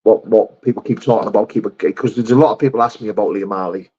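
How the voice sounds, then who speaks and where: A middle-aged man from England hosts a casual livestream, reading chat and bluntly answering viewers he calls mate and brother. His lowish voice is fast and warm with a breathy edge, though the recording is muffled.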